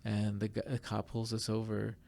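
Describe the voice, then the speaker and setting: A man casually telling a rambling, animated story on a podcast, full of fillers. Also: lowish voice, normal speed, vocal fry. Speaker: podcast guest.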